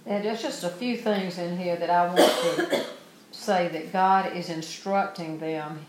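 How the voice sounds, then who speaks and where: Woman preacher, lowish voice, reads a verse then breaks it down, roomy echo with a faint hum behind. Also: steady tone, measured pace. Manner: reads verses aloud then explains them earnestly. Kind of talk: sermon with scripture reading.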